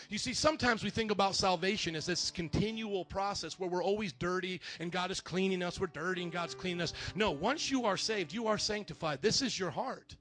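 A man preaching a sermon in church, animated and acting out quoted voices, shouting at times. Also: high-pitched, a little fast, few pauses, soft background music.

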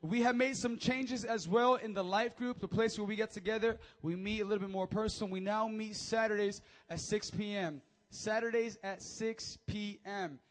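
Upbeat joking young youth pastor, high-voiced. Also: male voice, moderate pace, hardly any pauses. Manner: energetic, joking, calls for amens. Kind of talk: youth service announcements and preaching.

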